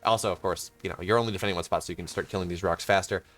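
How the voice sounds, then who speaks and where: A young man casting a live game, rambling and self-interrupting, quick to laugh. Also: deep voice, fairly even intonation, fairly bright tone, faint music behind. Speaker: esports caster.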